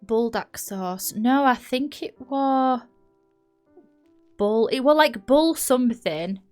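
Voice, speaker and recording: A woman's voice: on the high side, animated, slow, soft background music. A woman with a Yorkshire accent chatting casually while streaming a building game, rambling and often correcting herself. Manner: rambling, chatty, frequent laughs and self-corrections. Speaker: live streamer.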